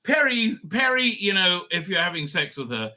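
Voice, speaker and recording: A middle-aged man rambles through a casual review in a high, sharply bright voice. His pitch leaps all over the place as he swears bluntly and laughs between thoughts. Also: moderate pace. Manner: excitable, profane and blunt, laughing often, trailing off mid-thought. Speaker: show host reviewing TV episodes.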